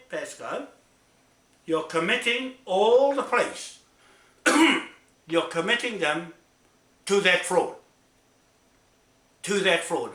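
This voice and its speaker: A man's voice: on the high side, pushed and bright, roomy sound. A man delivering an angry, confrontational public statement, swearing and repeatedly asking "right?". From New Zealand. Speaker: land claimant making a public statement.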